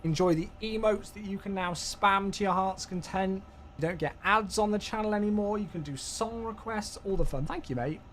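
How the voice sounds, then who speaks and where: A man streaming a flight sim live, chatty and thinking aloud as he thanks viewers warmly. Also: high-pitched, normal speed, a little hiss or hum.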